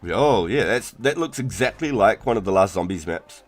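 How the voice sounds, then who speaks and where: A young man with a New Zealand accent talks in a low, deep register, rambling casually with plenty of "like"s. Faint music plays underneath his voice. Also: animated, normal speed. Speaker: streamer. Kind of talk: casual live-stream chat.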